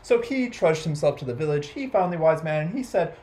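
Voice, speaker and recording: Male library storyteller, lively and singsong, playful with sound effects for kids. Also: fairly high pitch, fairly quick, poor audio. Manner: animated, playful, with animal and noise sound effects. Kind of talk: children's story read aloud.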